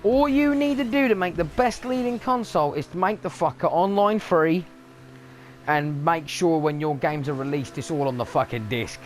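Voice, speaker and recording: A man's voice: on the high side, moderate pace, slight background noise. Sweary man ranting about games. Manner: angry, sweary rant. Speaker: gaming vlogger. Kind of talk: ranting vlog monologue.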